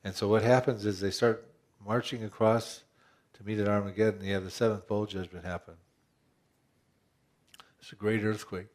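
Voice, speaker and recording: A man's voice: fairly low pitch, flat delivery, moderate pace, long pauses, darkish tone. A man pastor preaching a conversational sermon, asking rhetorical questions and often restarting his phrases.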